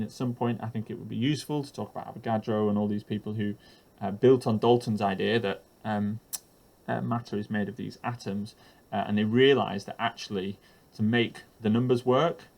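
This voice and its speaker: A man with a gravelly, medium-pitched voice explains a chemistry lesson for teachers while he draws. He sounds hesitant, filling his speech with ums and uhs and the occasional self-deprecating aside.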